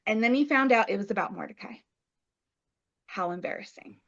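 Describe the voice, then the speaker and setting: On a muffled recording, a woman co-hosting a podcast casually retells a story in playful slang, acting out the characters' lines. Her voice is a little high and fairly bright, and she talks briskly.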